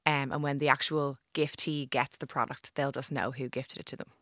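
Low-voiced bubbly Irish young woman. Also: steady tone, moderate pace, a bit bright, dry recording, clean studio sound. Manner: bubbly and laughing easily. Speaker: guest, business owner. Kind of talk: casual radio interview.

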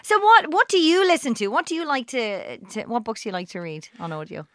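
A woman's voice: fairly high pitch, animated, a little fast, no room sound, studio quality. A woman hosting an interview, asking short, curious questions in casual chat. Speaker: interviewer host.

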